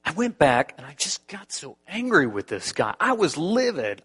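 A male pastor delivering a sermon, telling a personal story in an animated way, with frequent restarts. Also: on the high side, moderate pace, hardly any pauses, breathy edge.

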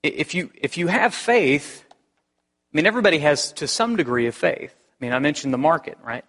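A man's voice: on the high side, expressive, normal speed, fairly bright tone. Preaching man in a reverberant church hall. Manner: conversational, repeats words, rhetorical questions. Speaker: pastor. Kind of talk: sermon.

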